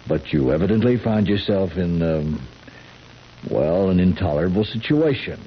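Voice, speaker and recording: An actor playing a stern sheriff who questions a suspect with probing, hesitant accusations in a 1970s radio drama. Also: male voice, low voice, lively intonation, moderate pace. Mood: accusing. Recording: dull old radio broadcast with faint hiss.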